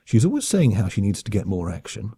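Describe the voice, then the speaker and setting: A man's voice: on the low side, big pitch swings, fairly quick, mellow, breathy edge, dry recording, studio quality, exaggerated voice. A man voicing a jaunty, cheerfully oblivious male space captain with breezy understatement.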